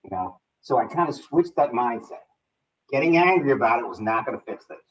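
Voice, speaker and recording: A man tells personal stories to a seminar audience in a loose, conversational way, often restarting his sentences. His voice sits in a middle pitch and is picked up from a distance, with a dull, lo-fi sound. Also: lively intonation, fairly quick. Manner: conversational, with frequent restarts and "you know". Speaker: seminar presenter. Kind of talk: casual anecdotal storytelling.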